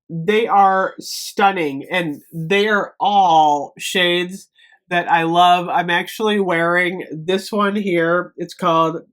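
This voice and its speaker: A woman's voice: mid-range voice, a bit bright. Woman, fifties, chatty unboxing vlogger, gushing, lots of ums. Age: 50s. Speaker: beauty vlogger. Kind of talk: casual product unboxing.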